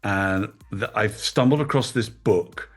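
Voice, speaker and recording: Lowish-voiced english guy, middle-aged, chatty and emotional in an interview, faint music behind. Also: measured pace. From England. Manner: animated storytelling, emotional, self-deprecating. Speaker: guest, toy designer. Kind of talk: casual interview chat.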